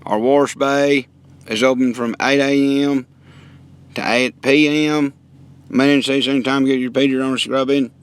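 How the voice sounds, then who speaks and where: A man voicing a folksy, gruff and prudish redneck truck-shop owner, who gives blunt deadpan answers with lots of country slang in a lowered, drawling voice. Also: a little slow, close to an everyday voice. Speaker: online video creator answering viewer questions. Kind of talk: comedy character bit.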